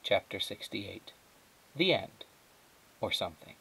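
A male teacher reading a children's chapter book aloud, narrating in a steady, measured way. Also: lowish voice, vocal fry, slightly rough, low-quality recording. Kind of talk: storybook read-aloud.

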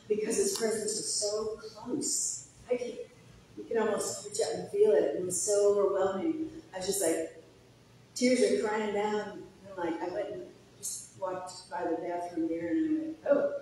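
A woman's voice: medium pitch, dark tone, a little hiss or hum. A woman guest pastor giving an earnest, personal conference sermon and sometimes laughing at herself. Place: church hall. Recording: echoey hall, distant mic.

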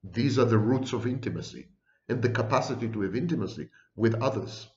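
A man's voice: lowish voice, fairly quick, darkish tone. A man giving an online video lecture on psychology, stringing ideas together in rolling lists and adding dry, ironic asides. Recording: roomy, dull lo-fi recording.

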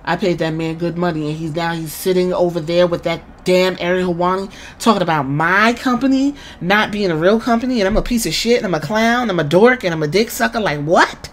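A woman's voice: fairly low pitch, fairly quick, hardly any pauses, a little hiss or hum, lightly acted. A woman impersonating an aggrieved male company boss who rants with profanity. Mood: indignant.

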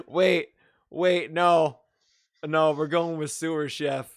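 Man host, a bit high-pitched, rambling and loose, video call mic. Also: creaky. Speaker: improv show host. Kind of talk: casual improv show hosting. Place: home room on a video call.

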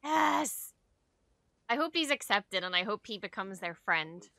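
A young adult woman giving casual reaction commentary at her home streaming desk, excitable and gushing, swearing freely. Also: mid-range voice, unhurried, creaky, no room sound, studio quality.

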